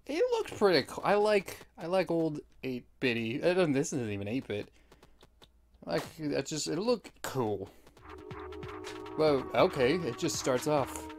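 A man giving let's play commentary, rambling with deadpan absurd jokes. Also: fairly high pitch. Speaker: gamer.

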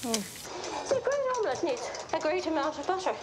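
Fast and sing-song, a high female voice comes through with some background noise. The actress plays an exuberant, chipper TV cook in her fifties, tall and cheerful, a cooking show guest in a 1960s television drama whose delivery is theatrical and warbling, laced with French phrases.

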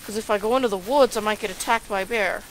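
A woman's voice: mid-range voice, fast talker, a little hiss or hum, rough recording. A woman giving casual, sarcastic let's-play commentary, grumbling and talking to herself as she plays. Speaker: gaming YouTuber.

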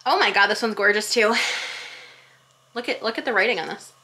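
A woman's voice: medium pitch, brisk, sharp tone. A young woman vlogger who gushes as she reads holiday cards aloud in a casual vlog. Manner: gushing, effusive.

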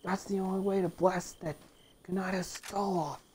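A woman commentating a video game she is playing, swearing often and getting quickly exasperated at the game. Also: mid-range voice, steady tone, a little mellow, slight background noise. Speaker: gamer. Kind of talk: let's play commentary.

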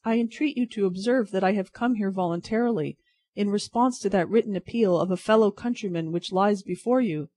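Brief: a reader doing a bewildered thirties male prisoner, earnest and pleading, mid pitch, dry sound. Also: a little fast, mellow, no room sound, close to an everyday voice. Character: Charles Darnay, man in his thirties, bewildered emigrant prisoner. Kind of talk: audiobook reading.

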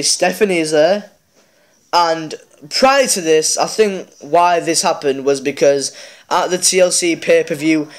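A man hosting a mobile game channel, casually recapping a wrestling show with lots of fillers and restarts. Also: fairly high pitch. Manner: rambling, many fillers and restarts.

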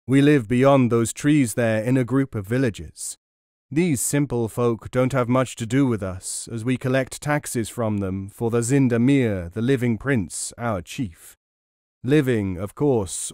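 A man's voice: medium pitch, measured pace, a little mellow, no room sound, studio quality, close to an everyday voice. A man voicing a courteous, confident adult male leader of a band of men in an audiobook. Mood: explaining.

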